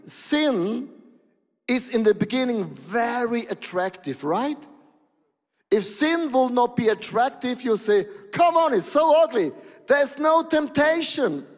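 A male pastor preaching a sermon in an animated, exclaiming way, with non-native phrasing, in a large church hall. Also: extremely high pitch, takes it slowly. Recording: long hall reverb.

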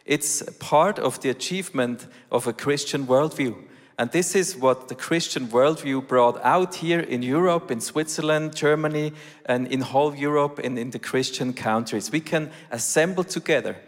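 A man's voice: fairly high pitch, normal speed. A man speaking earnestly from the stage during a church service, in plain declarative sentences. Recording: long hall reverb.

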